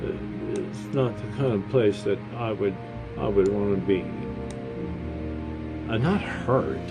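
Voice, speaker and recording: A man's voice: lowish voice, takes it slowly, loud music behind the voice. A man in his fifties giving gameplay commentary, sarcastic and self-deprecating, rambling between bits of read-out game text. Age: 50s. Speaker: gamer.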